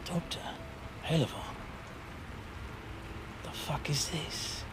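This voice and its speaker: A man voicing a sleepless, unhinged male baron who speaks low in a hushed, half-whispered menace. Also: very animated, brisk, noisy background. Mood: irritable.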